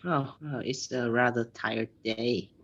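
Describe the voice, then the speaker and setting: A student with a Vietnamese accent in an online class, speaking hesitantly. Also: male voice, mid-range voice, level tone, a bit bright, muffled recording. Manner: hesitant, halting. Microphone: video call.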